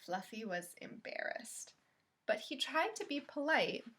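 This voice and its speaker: A woman reading a picture book aloud to children as a librarian, in an expressive, friendly storytime voice. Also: sits high, measured pace, vocal fry.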